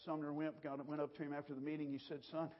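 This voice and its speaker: A man's voice: on the high side, completely flat delivery, fast talker, dull audio. A man preaching a sermon, telling stories in a folksy way. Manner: folksy storytelling preacher, acts out gestures. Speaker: pastor.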